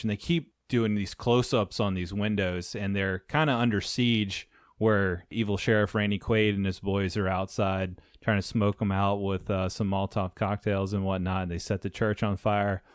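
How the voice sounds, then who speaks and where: A man with a lowish voice co-hosts a film podcast in a loose, joking way, tripping over and repeating his words. The sound is close and dry, with no room echo. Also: little pitch movement, normal speed, smooth. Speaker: podcast co-host. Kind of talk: casual movie review chat.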